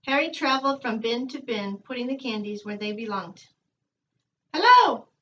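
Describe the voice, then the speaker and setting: A woman teacher reads a children's book aloud in a calm, measured way, her voice bright and fairly high. She sits some distance from the microphone, and the recording is dull with a faint hiss.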